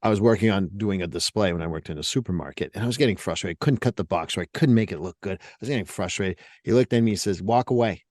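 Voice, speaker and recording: A middle-aged podcast host tells stories bluntly and casually, often repeating words. His deep, darkish voice moves at a quick pace with few pauses. The sound is studio quality with no echo.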